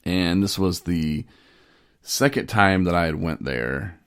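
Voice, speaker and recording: A man hosting a podcast, telling a story in a rambling, animated way and laughing often. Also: sits low, slow pace, dry recording, clean studio sound. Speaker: podcast host. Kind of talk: casual storytelling.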